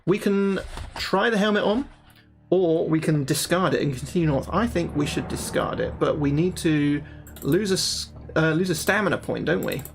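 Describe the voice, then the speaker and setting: A man reads the passages of a fantasy gamebook aloud, then drops into casual, profane chatter with his stream audience. His voice sits a little high for a man. Soft music plays quietly underneath. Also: normal speed, creaky. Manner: chatty, swears freely, talks to his viewers. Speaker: livestreamer playing a solo gamebook.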